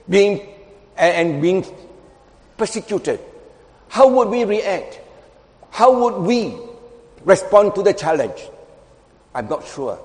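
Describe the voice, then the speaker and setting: A man preaching in a voice pitched a little high for a man, dropping to near murmurs and then rising sharply for emphasis. His lines carry a long reverb from a large hall. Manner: dramatic swings between soft and loud, quoting scripture. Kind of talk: sermon.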